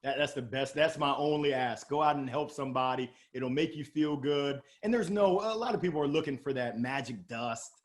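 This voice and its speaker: A middle-aged man with a Southern drawl from Alabama, talking as a guest in an interview, animated and exuberant, joking about himself. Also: medium pitch. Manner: animated, exuberant, quick jokes. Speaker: guest sales coach. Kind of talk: energetic interview talk.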